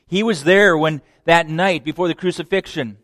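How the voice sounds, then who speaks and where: A man preaching a sermon, dramatic, swinging between loud declarations and hushed lines. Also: a little high, moderate pace, dry recording, clean studio sound.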